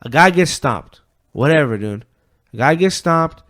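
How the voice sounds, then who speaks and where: A man's voice: fairly high pitch, expressive, a little slow, fairly bright tone. A man co-hosting a podcast, retelling a story in a loose, profane, rambling way, full of filler words and quoted voices. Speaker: podcast co-host. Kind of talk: casual chat, retelling a story.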